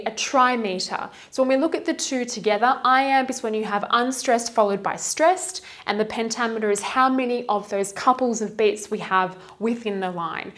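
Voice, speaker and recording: A woman with a slightly high voice gives a methodical lesson on reading poetry. She walks through each point in order and keeps asking questions to guide the students. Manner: clear, methodical, explanatory, posing questions. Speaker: English tutor. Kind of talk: scripted lesson over slides.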